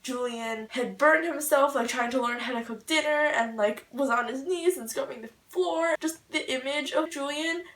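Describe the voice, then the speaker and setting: Young woman, high voice, emotional rambling book vlogger; echoey room, a bit off-mic. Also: normal speed, hardly any pauses, fairly bright tone, far from the mic. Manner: rambling, emotional, gushing, lots of "like". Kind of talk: casual book reaction vlog.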